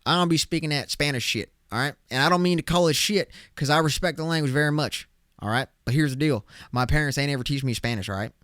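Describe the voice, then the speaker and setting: A man's voice: fairly high pitch, fast talker, fairly bright tone, dry recording, clean studio sound, natural voice. A man putting on a drawling cowboy voice with a southern twang, blunt and folksy. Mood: defiant.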